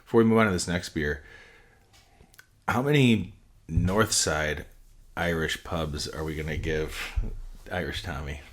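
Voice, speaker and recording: A man's voice: rumbling low, measured pace, long pauses. A man co-hosting a podcast in casual chat, rambling along with lots of "like" and "you know.". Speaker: podcast co-host.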